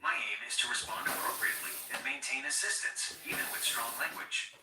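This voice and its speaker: A man's voice: medium pitch, steady tone, brisk, far from the mic, noisy background. A male AI voice assistant speaking in a polite, formal, apologetic, scripted way, played through a speaker. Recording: played through a speaker in a roomy space, away from the mic.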